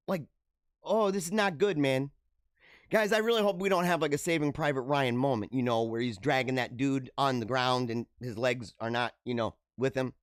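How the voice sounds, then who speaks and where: A man's voice: mid-range voice, fairly even intonation, normal speed, smooth, no echo, clean studio sound. A man hosting a podcast, giving casual and slangy commentary on news stories and laughing often. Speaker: podcast host.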